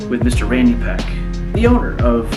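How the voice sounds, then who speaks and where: A man's voice: mid-range voice, very animated, brisk. A man hosting a podcast, talking casually to camera in a chatty, rambling way. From Rochester, New York. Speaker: podcast host. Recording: echoey room with loud music. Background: loud guitar music.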